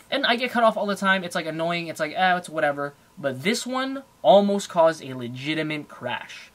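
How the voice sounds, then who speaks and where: A young man rants about his day in a quick, casual vlog. His voice is bright and sits a little high, and he keeps slipping in "like" as he gets worked up. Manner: animated, heated, fast with fillers. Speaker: car vlogger. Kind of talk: casual storytelling rant.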